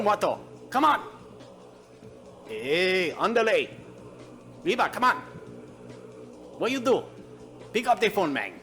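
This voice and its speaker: A man's voice: high voice, fairly bright tone, full character voice. A man voicing a boastful male thug caller, leaving a prank voicemail and ending phrases with "man". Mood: impatient. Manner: boastful, repeats "man" after every phrase. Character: swaggering male thug caller with a fake Mexican accent.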